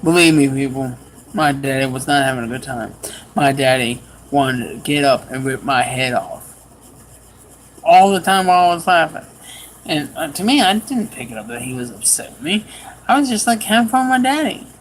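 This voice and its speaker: A man preaching a sermon, telling a personal story with animated swings in pitch and pace. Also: moderate pace, slight background noise, low-quality recording.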